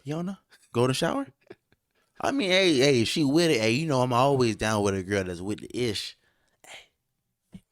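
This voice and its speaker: A man's voice: mid-range voice, animated, fairly quick, no room sound, clean studio sound. A man hosting a casual podcast, joking and boasting in slangy talk. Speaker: host.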